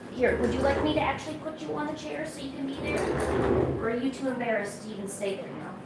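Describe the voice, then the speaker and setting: Woman, high voice, casual streamer, baby-talk to her cats, faint background music. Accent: American. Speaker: art streamer. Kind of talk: casual live-stream chat.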